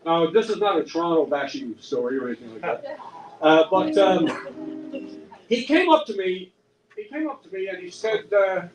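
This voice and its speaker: In a pub room, a Newfoundland man who writes songs and tells stories wanders through a self-deprecating yarn, restarting often and joking dryly. He sits high, sounds expressive and keeps a normal pace over soft background music, caught by a far-off mic in an echoey space with faint noise.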